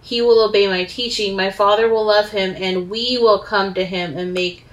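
A woman co-hosting a casual Bible discussion, reading passages slowly and thinking aloud between them. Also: mid-range voice, fairly even intonation, rough recording. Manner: measured, reads verses slowly, thinks aloud.

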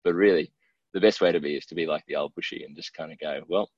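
A man's voice: very deep voice, fairly even intonation, quick pace, background noise. A man with an Australian accent, co-hosting a podcast in casual chat and telling stories in a laid-back, jokey way. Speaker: podcast co-host. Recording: dull, dry lo-fi recording.

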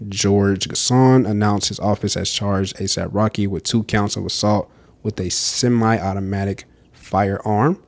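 A man co-hosting a podcast in casual chat, laid-back, reading out news and laughing often. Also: lowish voice. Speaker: podcast co-host.

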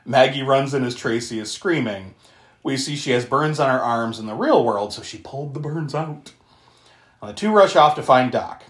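A man hosting a podcast, casually recapping a movie, chatty and swearing, laughing often between lines. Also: medium pitch. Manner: chatty, laughs a lot, swears, many fillers. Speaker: podcast host. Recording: roomy echo.

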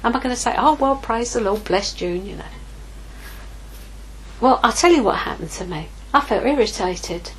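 A woman's voice: fairly high pitch, lively intonation, normal speed, pauses often, fairly bright tone, slightly rough, low-quality recording. A middle-aged woman giving an informal sermon, telling a personal story candidly and acting out her own inner dialogue. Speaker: ministry leader preaching.

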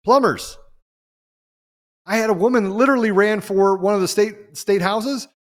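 A man hosting a political talk show, speaking in an impassioned monologue that swings from loud peaks to low asides. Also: fairly quick, big-room sound. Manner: emphatic, rising to loud peaks and dropping low. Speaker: podcast host.

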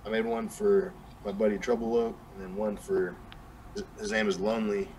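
A man's voice: on the low side, level tone, moderate pace, darkish tone, slight background noise, low-quality recording. A young man with a Southern accent, chatting casually as a podcast guest and rambling with lots of fillers and restarts. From New Mexico. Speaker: guest rapper.

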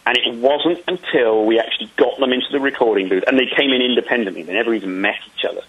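A man being interviewed about making a film, answering in a casual, halting way with many ums and restarts. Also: mid-range voice, husky, phone-quality sound.

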